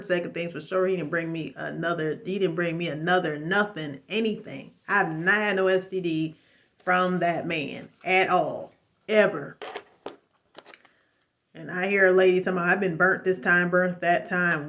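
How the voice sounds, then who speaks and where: A woman's voice: lowish voice, moderate pace, a bit bright. A woman telling her own story in a casual, emphatic testimony, rambling and preachy, with religious exclamations. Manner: rambling with frequent fillers and restarts. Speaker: vlogger sharing a personal story.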